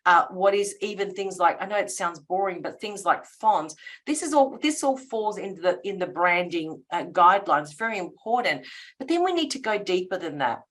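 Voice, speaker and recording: A woman's voice: mid-range voice, animated, normal speed, a bit bright. A woman guest on a podcast interview, a branding coach who speaks with emphatic enthusiasm and often acts out little bits of dialogue.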